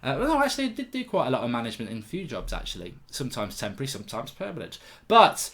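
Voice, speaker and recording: A middle-aged man from England talks in a loose, rambling way, swearing freely and often breaking into a feeble put-on sick voice. His pitch sits in a middle range for a man, and his delivery is casual and unscripted. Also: wildly swooping pitch, rapid-fire, fairly bright tone. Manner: rambling, swearing, puts on mock weak voices. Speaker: host. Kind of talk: casual chat.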